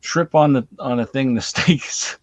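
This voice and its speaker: A man's voice: mid-range voice, normal speed, dry recording. A man hosting a casual movie chat, animatedly retelling scenes and swearing casually. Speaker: host. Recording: dull dry lo-fi recording.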